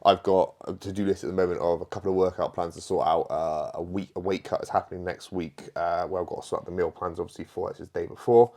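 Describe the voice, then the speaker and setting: A man's voice: deep voice, steady tone, fast, few pauses, warm tone. A man hosting a podcast, chatting casually with a friend, laughing often and swearing freely. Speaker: podcast host.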